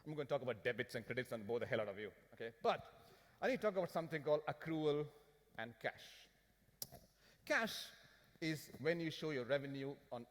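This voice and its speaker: A man giving an animated, joking finance seminar talk to a conference audience, firing questions at the crowd. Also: medium pitch. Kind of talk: lively business seminar talk. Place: conference hall. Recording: hall reverb from a conference room.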